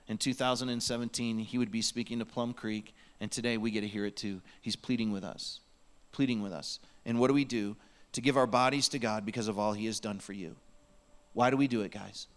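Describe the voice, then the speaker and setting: A pastor preaches a sermon in a church sanctuary, his medium-pitched male voice steady, clean, and a little fast. He sounds earnest and pleading, at times sinking almost to a whisper.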